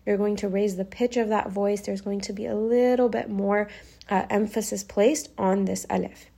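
A woman's voice: medium pitch, steady tone, moderate pace, vocal fry, dark tone. A woman teaching recitation rules in a patient, step-by-step way, repeating each point and reciting short demonstrations. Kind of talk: step-by-step explanatory lesson.

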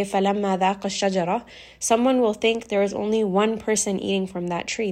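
A woman's voice: mid-range voice, darkish tone. A woman teaching recitation rules in a patient, step-by-step way, repeating each point and reciting short demonstrations. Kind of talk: step-by-step explanatory lesson.

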